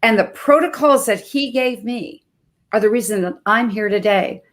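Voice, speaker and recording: Expressive older woman hosting a webcast. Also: a little high, moderate pace. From Montana, USA. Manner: expressive, emphatic storytelling with shifting pace. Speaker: health coach and show host. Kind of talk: live webcast introduction.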